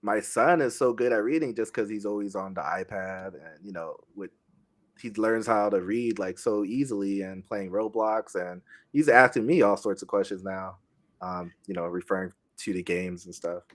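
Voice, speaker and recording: A man's voice: lowish voice, moderate pace. A man in his thirties, a streamer guest on a podcast, speaking in an easygoing way with many ums. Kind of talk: casual interview chat.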